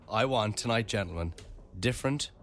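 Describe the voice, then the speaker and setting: A man's voice: fairly low pitch, a bit bright. A man with an Irish accent hosting a radio show, teasing his co-host and laughing often.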